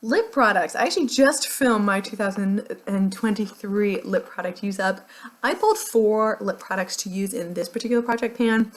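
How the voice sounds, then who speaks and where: A woman's voice: mid-range voice, moderate pace. An American woman talking casually through a beauty project, chatty and rambling with frequent laughs. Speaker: beauty vlogger. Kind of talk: casual product chat.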